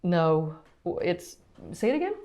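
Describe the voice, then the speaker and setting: A woman's voice: on the low side, sing-song, measured pace, dark tone. A woman pediatric therapist talks through a casual lesson, stopping often to ask questions. She hesitates and restarts her sentences, filling the gaps with ums. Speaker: pediatric physical therapist teaching.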